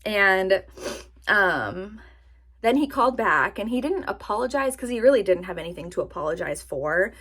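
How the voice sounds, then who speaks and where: A woman chatting casually to her camera in a vlog, animated and self-mocking, laughing at her own jokes. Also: medium pitch, normal speed, husky. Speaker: vlogger. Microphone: camera-mounted or nearby mic, sitting to film.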